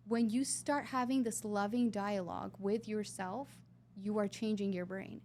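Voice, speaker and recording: A woman's voice: mid-range voice, steady tone, a little slow, a little mellow, slight background noise. A woman talking earnestly and with emphasis as a guest in a conversational interview. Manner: earnest, emphatic, sometimes drawn out. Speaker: podcast guest.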